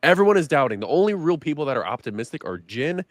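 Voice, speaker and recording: Lively, argumentative podcast co-host man. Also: fairly high pitch, quick pace, dry recording, studio quality. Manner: argumentative, pushes back on others. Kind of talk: casual fan podcast chat.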